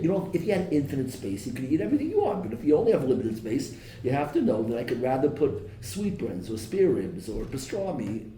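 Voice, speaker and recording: Echoey rabbi teaching from afar. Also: male voice, mid-range voice, mellow, slight background noise. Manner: asks the audience questions and mixes in Hebrew and Yiddish terms. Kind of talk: lively Torah class lecture. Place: classroom or study hall with a live audience. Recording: echoey room, mic at a distance.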